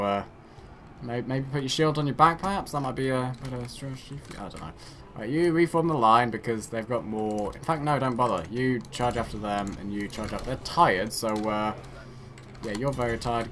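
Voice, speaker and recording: A man's voice: medium pitch, moderate pace, fairly bright tone, slight background noise. Rambling man narrating a strategy game. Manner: rambling, self-mocking, talks to his units. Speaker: gaming channel host. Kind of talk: let's play commentary.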